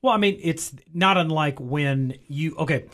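On a film review podcast, a co-host rambles enthusiastically in casual chat, dropping in frequent fillers. His slightly high voice has a fairly bright tone and moves at normal speed.

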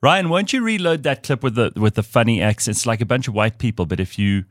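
Animated male radio host. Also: medium pitch, quick pace, no room sound, clean studio sound. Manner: animated, chatty storytelling. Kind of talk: casual radio chat.

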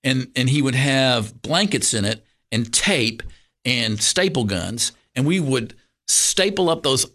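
A middle-aged man with a soft drawl and a bright, forward tone. He talks as a guest pastor in a relaxed interview. He winds through an anecdote with plenty of fillers and false starts. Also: medium pitch, slow pace. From Kentucky, USA. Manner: rambling, animated storyteller with many fillers and restarts. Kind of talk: casual storytelling interview.

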